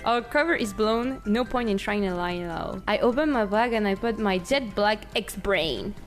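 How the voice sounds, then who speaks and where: A woman streaming a game, reading its text aloud and breaking into giggly, excited outbursts. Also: mid-range voice, normal speed, soft background music. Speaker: VTuber streamer.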